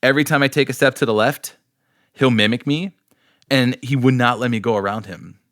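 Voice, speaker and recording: A man's voice: mid-range voice, fairly quick, a bit bright, no echo, studio quality. A man hosting a podcast, telling rambling stories in casual chat and laughing often. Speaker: podcast host.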